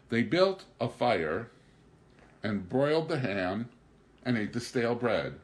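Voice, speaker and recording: A man's voice: big pitch swings, slow, pauses often. A man reading a novel aloud as an audiobook narrator, narrating evenly and lifting his voice for the dialogue. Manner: raises pitch and volume for dialogue, narrates evenly. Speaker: audiobook reader. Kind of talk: scripted narration.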